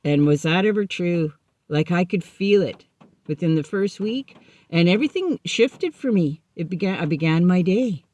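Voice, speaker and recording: A woman sharing a personal recovery story in a candid, self-mocking way, acting out remembered conversations. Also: low voice. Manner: animated, acts out remembered dialogue.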